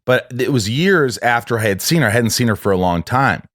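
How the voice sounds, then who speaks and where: A man's voice: mid-range voice, animated, fairly quick, fairly bright tone, no room sound. Man telling a rambling story, dry sound. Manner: rambling, with many restarts and acted-out quotes. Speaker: podcast guest. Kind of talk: casual storytelling.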